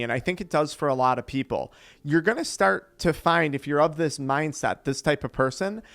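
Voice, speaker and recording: A man's voice: on the high side, gravelly, a bit bright, dry recording. Earnest man coaching on recovery. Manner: earnest, explanatory, acts out quoted voices. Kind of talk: motivational talk to camera.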